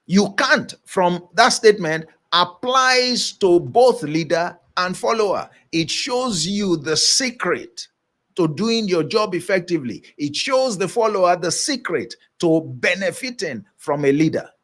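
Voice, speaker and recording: Emphatic man with a lively, high voice. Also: measured pace. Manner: emphatic, preacher-like, repeats key phrases. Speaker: leadership coach. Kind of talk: motivational leadership teaching.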